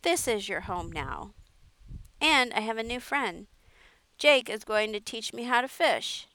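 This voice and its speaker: A woman's voice: measured pace, no room sound. A woman reading a story aloud, putting on a fussy, gushing older aunt who has been baking. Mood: soothing. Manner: fussy, gushing, high and excited. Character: flustered, doting older aunt who bakes.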